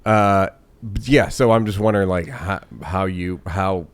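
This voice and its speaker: Comedian guest, man, lowish voice, deadpan and rambling. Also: a little slow. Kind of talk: casual comedians' chat.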